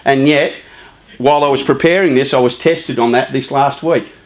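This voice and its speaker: A man's voice: mid-range voice, fairly even intonation, normal speed. A man in his fifties giving a conversational, joking talk to a live youth group, often asking the audience questions. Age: 50s. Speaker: youth charity speaker.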